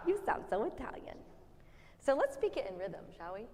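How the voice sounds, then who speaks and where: A woman's voice: fairly high pitch, sing-song, normal speed, a little mellow. A woman directing a choir rehearsal, joking with the singers and demonstrating sung phrases as she coaches. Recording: long hall reverb with faint music.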